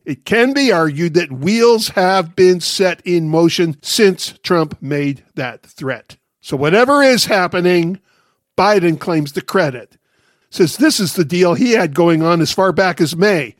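Guy doing a political commentary monologue, kinda high voice, sarcastic and punchy, dry close sound. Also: no room sound. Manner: sarcastic, emphatic. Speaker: radio and TV commentator.

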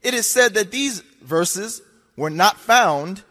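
A man's voice: sits high, expressive, takes it slowly, sharp tone. A man giving an argumentative lecture to an audience, insistent and repetitive, pressing his points with rhetorical questions. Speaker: speaker addressing an audience. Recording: long hall reverb.

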